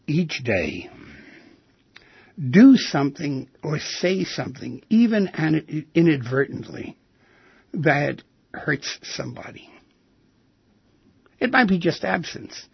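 A man's voice: fairly high pitch, gravelly, husky, dry recording. A man hosting a radio talk show, musing thoughtfully and asking rhetorical questions. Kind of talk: reflective radio monologue. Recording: dull lo-fi radio broadcast.

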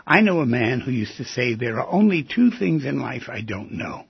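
Raspy gravelly guy on talk radio, keeps throwing questions, kinda dull lo-fi sound. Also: medium pitch, moderate pace, no echo. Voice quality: gravelly, husky. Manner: questioning, teasing, animated with sudden loud bursts. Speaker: radio call-in host.

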